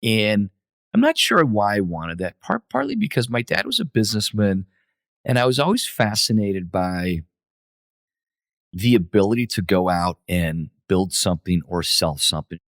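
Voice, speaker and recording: A man being interviewed as a guest, talking through his past with lots of pauses and restarts. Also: on the low side, very animated, fairly bright tone, no room sound, studio quality. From United States. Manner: many fillers and restarts, reflective. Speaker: guest, company CEO. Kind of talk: relaxed interview storytelling.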